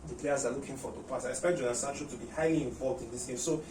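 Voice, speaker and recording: A man giving a tactical football match preview, talking in an animated way, repeating words and using many "you know" fillers. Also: mid-range voice, rapid-fire, a little hiss or hum. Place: room at home. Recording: roomy echo, mic at a distance.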